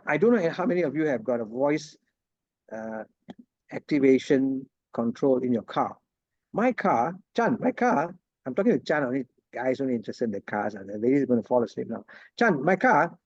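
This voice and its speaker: A chatty man teaches an online class in a casual way. His voice sits a little high but sounds mellow. The sound is dull and lo-fi, like a video call. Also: no room sound. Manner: chatty, laughs often, asks "right?". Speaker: lecturer.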